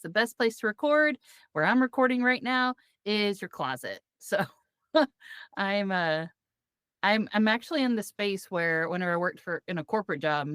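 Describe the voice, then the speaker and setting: A woman co-hosting a casual podcast from a clothes closet, chatty and quick to laugh. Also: mid-range voice, a bit bright, clear, resonant tone, no echo, clean studio sound. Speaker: podcast co-host. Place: walk-in closet among hanging clothes.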